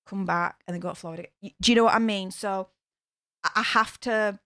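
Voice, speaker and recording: A YouTube livestream host, a young adult woman from Yorkshire, England, reads super chats a little fast in a steady, sharp, mid-range voice. Her chat is blunt and casual with plenty of swearing, delivered in a Yorkshire accent. Clean, dry studio sound.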